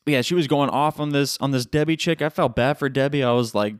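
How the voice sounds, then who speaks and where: A man hosting a solo podcast, rambling through a story with profanity and lots of energy. His voice is mid-pitched and sits very dry on a close mic. He jumps between tangents and often laughs. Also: a little fast, clear, resonant tone, dry recording. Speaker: podcast host.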